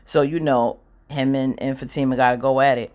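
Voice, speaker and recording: A woman's voice: a bass voice, fairly even intonation, fairly quick, a little mellow. A woman giving a casual, opinionated recap of a TV drama, chatting freely and acting out bits of scenes as she goes.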